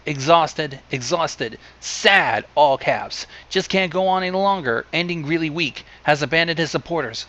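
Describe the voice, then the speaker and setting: Man reading a list aloud, deadpan, bright tense voice, slightly high, dull lo-fi recording. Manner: plain deadpan list reading with asides and sighs. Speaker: reader.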